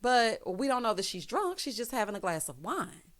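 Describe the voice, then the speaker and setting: A woman giving a casual, sassy recap of a reality TV episode, with animated asides. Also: fairly high pitch, moderate pace. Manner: sassy, animated, with frequent exclamations. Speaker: TV recap vlogger.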